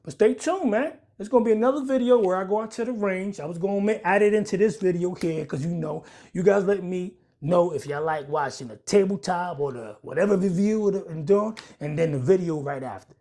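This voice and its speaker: Husky man chatting casually to viewers. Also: high-pitched, a little fast, hardly any pauses, darkish tone. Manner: rambling, jokey, talks straight to viewers. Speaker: handgun reviewer. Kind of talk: casual vlog chat.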